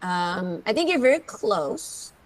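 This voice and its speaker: A woman's voice: mid-range voice, big pitch swings, takes it slowly. A woman tutoring English vocabulary, explaining patiently with many fillers. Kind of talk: slow, careful vocabulary teaching.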